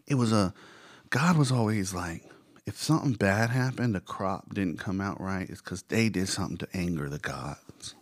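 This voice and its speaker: A man's voice: deep voice, no room sound, studio quality. A man talking casually and earnestly about a worship song's lyrics, often asking rhetorical questions. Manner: conversational, earnest, with many fillers and rhetorical questions. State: emotional. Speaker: host reflecting on a worship song. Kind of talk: casual devotional talk.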